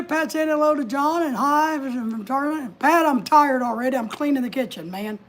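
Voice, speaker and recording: A woman's voice: high-pitched, moderate pace. A woman hosting a casual livestream from home, chatting, giving advice and reading out viewer comments. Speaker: livestream host.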